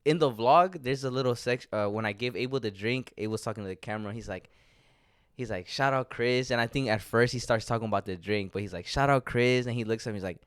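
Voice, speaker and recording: A young man with a smooth, clean voice tells stories on a podcast, joking and laughing between the details. The sound is dry and close, with no room around it. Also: on the low side, fast talker, dry recording. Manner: joking, laughs often, storytelling. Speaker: podcast co-host. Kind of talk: casual chat.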